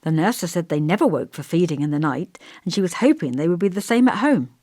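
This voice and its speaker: Lady reading an audiobook, expressive, lively pitch, dry close sound. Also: brisk, no room sound. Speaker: audiobook narrator. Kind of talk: audiobook narration.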